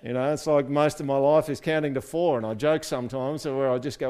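Chatty man preaching a relaxed sermon. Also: medium pitch, fairly quick. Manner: conversational, joking asides, checks in with "right?". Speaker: pastor. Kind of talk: casual sermon.

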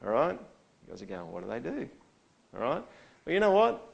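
Pastor preaching a conversational sermon. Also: male voice, mid-range voice, wildly swooping pitch, normal speed, gravelly, highs cut off. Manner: conversational, keeps asking "all right?", voice swings loud and soft.

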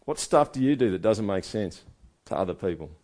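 A man's voice: on the low side, expressive, brisk, a little mellow. A man preaching a sermon in a conversational way, asking his listeners one rhetorical question after another. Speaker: pastor.

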